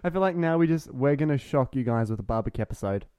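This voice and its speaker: A man's voice: medium pitch, animated, warm tone, clean tone, no echo, studio quality. A man co-hosting a casual podcast, teasing and chatty. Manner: teasing, chatty, quick to laugh. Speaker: podcast co-host.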